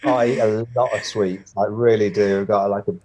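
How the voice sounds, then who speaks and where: A man's voice: fairly low pitch, steady tone, normal speed, mellow. A man with a Black Country accent chats as a podcast guest. He talks in a jokey, self-deprecating way and laughs often. His stories ramble along loosely. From England, Walsall. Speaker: guest, motoring journalist. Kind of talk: casual interview chat.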